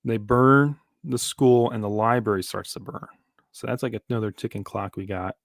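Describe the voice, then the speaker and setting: A man's voice: fairly low pitch, normal speed, creaky, no echo, studio quality. A man streaming a live reaction, rambling casually with lots of fillers and restarts. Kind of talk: live manga reaction commentary.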